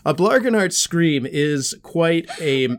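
A man's voice: on the high side, expressive, slow, very noisy, voice pushed up. A man doing a goofy, cheerful young dragon. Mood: jolly. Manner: cheery, giggly, rambling about made-up snacks. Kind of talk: playful role-play with a child.

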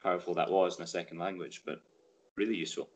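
A man's voice: low-pitched, steady tone, quick pace. A man hosting a casual interview, friendly and encouraging, with short affirmations. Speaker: host.

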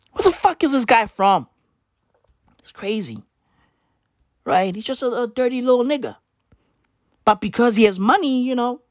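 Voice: mid-range voice, no echo. Comedy rant host, rambling, slang-heavy, disbelieving, dry sound. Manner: rambling, incredulous, profane, slangy. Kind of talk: profane comedic commentary rant.

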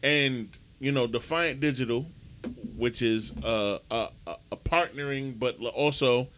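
A man co-hosting a podcast, telling stories in a lively, profane casual chat. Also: mid-range voice, unhurried, slight background noise. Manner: animated storyteller, swears freely. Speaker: podcast co-host.

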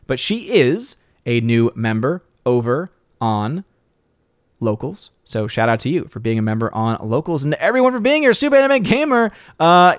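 A man hosting a livestream, signing off casually, thanking viewers and reading supporter names with lively upward lifts. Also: fairly high pitch, clear, resonant tone, no echo, studio quality. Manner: jokey, playfully mangles words. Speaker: livestream host. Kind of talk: casual stream sign-off and shout-outs.

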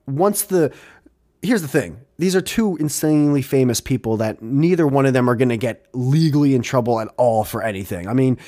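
A young man hosting a podcast, chatting casually in a rambling, animated way, swearing and laughing often. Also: mid-range voice, a little fast. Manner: rambling, animated, swears a lot, laughs often, does mocking voices in quotes. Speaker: podcast host.

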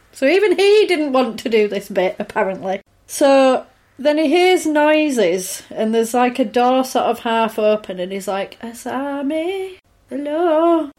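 A woman's voice: a little high, lively intonation, measured pace, darkish tone. A woman in casual chat, wryly recapping a film with a chatty, easygoing delivery. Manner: chatty, wry, lots of fillers.

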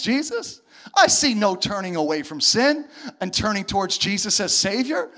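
Man, pastor, very high voice, animated sermon, acts out dialogues, occasional shouts. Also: moderate pace.

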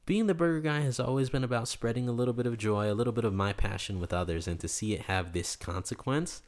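A young man from New York, a guest in an interview, telling a story in an animated way and acting out the people he quotes. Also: mid-range voice, quick pace. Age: young adult.

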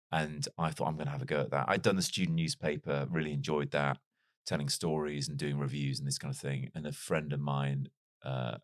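Here a man with a very deep voice and a touch of Liverpool in his accent chats through stories as an interview guest; he's a broadcaster by trade. Relaxed and self-deprecating, he throws in fast asides, captured in a close, dry recording with no room sound.

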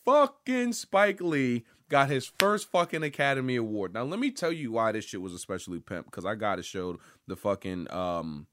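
A man riffing on a podcast in loose, rambling commentary, swearing freely and jumping into excited outbursts. His voice sits at an ordinary pitch and sounds dry and close, with no room around it. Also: moderate pace, few pauses, no echo. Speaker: podcast host. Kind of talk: casual pop-culture commentary.

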